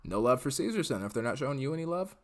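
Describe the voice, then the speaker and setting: A man's voice: mid-range voice, sing-song, racing. A young man casually hosting a live podcast, chatting and rambling with lots of fillers. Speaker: podcast host reading live chat. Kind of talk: casual live-stream chat.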